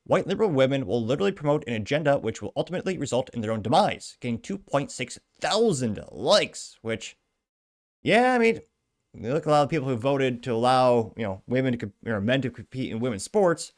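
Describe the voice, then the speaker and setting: A man's voice: medium pitch, animated, brisk, a little mellow. A man hosting a commentary podcast, reading out news and comments with sarcastic, wry asides. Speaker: podcast host.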